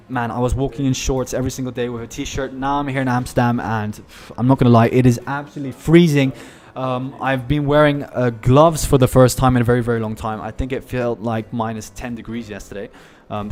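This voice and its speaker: A man's voice: mid-range voice, a little mellow. A man hosting a live trading stream, chatting casually and addressing viewers as guys.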